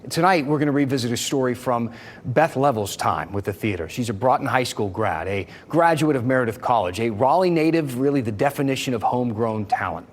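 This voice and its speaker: A man's voice: mid-range voice, lively intonation, brisk. A man anchoring a local evening newscast, with friendly, easygoing banter. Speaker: news anchor. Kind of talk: TV news presenting.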